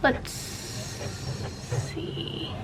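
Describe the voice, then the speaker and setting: A woman's voice: very slow, background noise. A young woman chatting casually as a book vlogger, rambling and sidetracked while she films herself on camera. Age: young adult. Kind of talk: casual vlog chat. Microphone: camera facing her, self-filmed.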